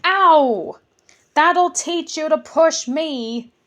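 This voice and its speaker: A woman voicing gruff, rude goblins who squabble and snap at each other in a storybook reading. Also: fairly high pitch, lively intonation, takes it slowly. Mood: cross, squabbling. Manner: gruff, snapping, shouting.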